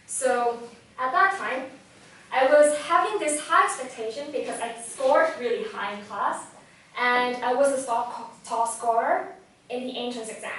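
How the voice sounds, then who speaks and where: A young woman giving a lively talk on public speaking to a live audience, telling a personal story and asking the audience questions. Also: high voice, a little hiss or hum. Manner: lively storytelling, acts out quoted thoughts, asks the audience questions. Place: event room with live audience. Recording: very echoey room, voice from far off mic.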